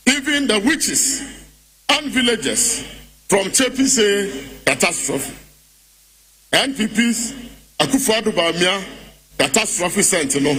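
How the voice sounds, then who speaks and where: High-voiced Ghanaian man giving a rally speech. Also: big pitch swings, unhurried, long pauses, breathy edge. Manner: rousing, mocking, declaiming with many shouted lines. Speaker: party speaker at a political congress. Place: large political congress venue. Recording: noisy live event audio.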